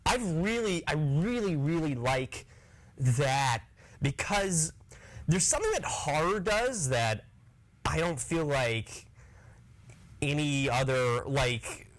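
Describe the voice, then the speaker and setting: A man's voice: a little high, lively intonation, slow, poor audio. A young man as an interview guest, chatting casually in a rambling way and laughing often. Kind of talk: casual chat.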